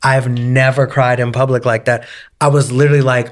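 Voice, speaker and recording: A young man co-hosting a podcast, talking in a mid-range voice at an ordinary pitch. He tells his story in loose, casual chat, swearing freely. He puts on the voices of the people he quotes to make it more dramatic. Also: little pitch movement, brisk. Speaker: podcast co-host.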